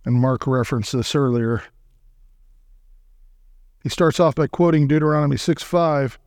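A man preaching a sermon as a guest speaker, emphatic and often checking in with his listeners, slowing down to recite hymn and scripture lines. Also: mid-range voice, darkish tone, dry recording, clean studio sound.

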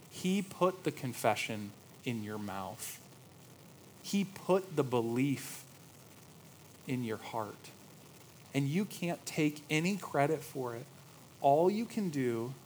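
A man in his thirties preaching a sermon, moving between quiet reverent passages and lively storytelling. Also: medium pitch, slight background noise, low-quality recording. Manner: storytelling, swings from hushed awe to lively anecdote. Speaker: pastor.

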